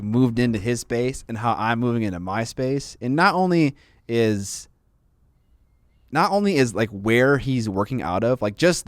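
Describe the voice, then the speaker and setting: A man's voice: medium pitch, no echo. A man co-hosting a hobby podcast in casual chat, rambling with lots of fillers. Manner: rambling, filler-heavy, laughs easily. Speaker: podcast co-host.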